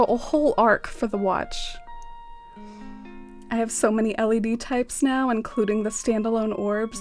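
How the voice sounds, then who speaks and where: A young woman streaming a game, chatting bubbly and giggly with her viewers, full of "like". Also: a little high. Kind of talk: casual live-stream chat.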